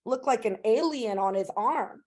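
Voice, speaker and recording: Female host, slightly high voice, profane and animated in casual talk. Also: normal speed. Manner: blunt and profane, animated storytelling. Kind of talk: casual chat.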